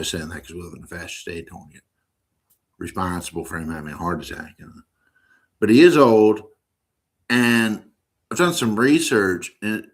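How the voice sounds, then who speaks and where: A man's voice: low voice, sharp tone. An American man hosting a live stream, rambling and joking in a loose, unfiltered monologue.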